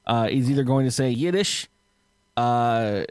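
A man's voice: mid-range voice, unhurried, a little mellow, smooth, no echo, clean studio sound. A man hosting a casual podcast and running a quiz game, laughing often and restarting his phrases.

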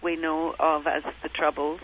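A woman's voice: sits low, flat delivery, moderate pace, slight background noise. Northern Irish woman on a tinny phone line. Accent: Northern Irish, softened. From Northern Ireland. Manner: warm and chatty, with frequent fillers. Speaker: guest.

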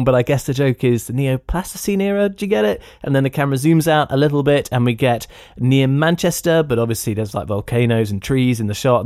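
A man's voice: mid-range voice, a little mellow, dry recording, studio quality. A man hosting a podcast who reviews films in a chatty, enthusiastic way and talks directly to his listeners. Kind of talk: casual spoken film review.

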